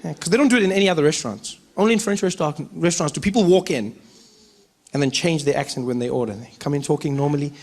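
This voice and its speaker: A man from South Africa tells a stand-up story with lively, animated delivery. His voice sits a touch high for a man. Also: fast. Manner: animated storytelling, acting out characters. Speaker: stand-up comedian. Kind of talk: stand-up comedy routine.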